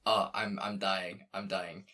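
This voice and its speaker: Husky-voiced young man chatting excitedly. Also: sits low, unhurried. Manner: chatty, excitable, many fillers. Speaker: podcast co-host. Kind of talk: casual chat.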